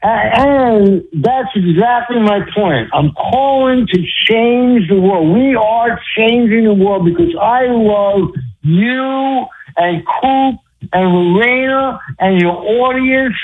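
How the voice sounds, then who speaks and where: A man's voice: very high-pitched, expressive, takes it slowly, narrow, tinny audio. A man calling in to a talk radio show, fired up and rambling, laughing often. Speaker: regular caller. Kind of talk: excited call-in chat.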